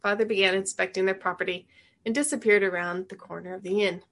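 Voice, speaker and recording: Woman reading chapters of a novel aloud, unhurried, explains passages as she goes. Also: mid-range voice, steady tone, fairly bright tone. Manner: pauses to explain the text to a listener. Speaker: reader.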